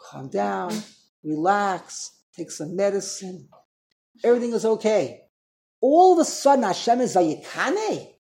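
A woman teaching a Torah class to a small group, switching into Hebrew and Yiddish terms, animated and acting out what people say, recorded on a tape recorder in the room. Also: medium pitch. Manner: animated, acts out quoted speech.

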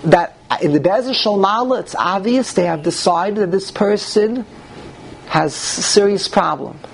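A man's voice: sits high, measured pace, creaky, a little hiss or hum, poor audio. A man teaching a classroom Talmud lecture, emphatic and often restarting, putting questions to his listeners. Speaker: Torah teacher.

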